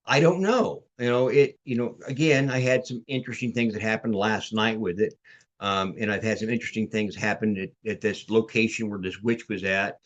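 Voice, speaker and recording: A man's voice: lowish voice, fairly even intonation, normal speed, muffled recording. A man guest on a podcast, casually telling a long story over a video call, restarting and repeating words as he goes.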